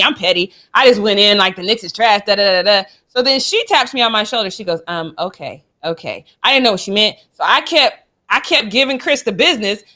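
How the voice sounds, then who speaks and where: A young adult woman co-hosting a sports chat show, animated and playful. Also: medium pitch. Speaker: co-host.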